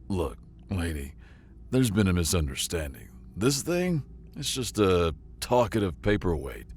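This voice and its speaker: A man voicing a nervous male space junker who talks fast and rambles in panic. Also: low-pitched, sing-song, darkish tone, exaggerated voice. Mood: panicky.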